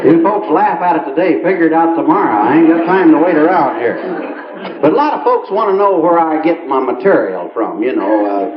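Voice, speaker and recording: A man telling folksy country jokes on stage, chuckling as he spins his yarns. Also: medium pitch. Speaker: country humorist. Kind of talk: stand-up storytelling. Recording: roomy, muffled late-1970s live recording.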